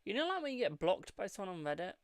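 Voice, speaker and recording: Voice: sing-song, quick pace, no room sound. A tarot reader hosting a live stream in casual chat, filling talk with "like" and calling viewers darling. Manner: chatty, fills with "like", calls viewers darling and Boo; yawning, low-key.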